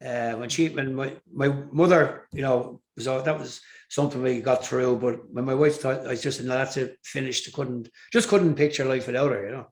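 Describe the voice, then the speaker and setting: An older man from Ireland, a singer with an Irish accent, talks at a moderate pace in a steady mid-range voice with vocal fry. The setting is a casual interview where he tells rambling stories, stopping and restarting amid fillers.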